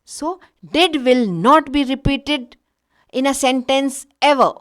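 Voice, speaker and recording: A woman's voice: sits high, takes it slowly. A woman teaching a recorded grammar lesson, patiently explaining with many examples. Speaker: English teacher.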